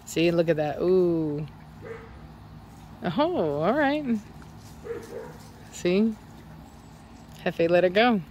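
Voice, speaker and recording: A woman's voice: lowish voice, very animated, extremely slow, pauses often, darkish tone, slight background noise. A woman, a dog breeder talking casually outdoors while she watches her dogs and fills her speech with ums and likes. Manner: chatty, lots of fillers, voices her dogs' thoughts. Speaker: dog breeder and channel host. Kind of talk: casual outdoor vlog narration.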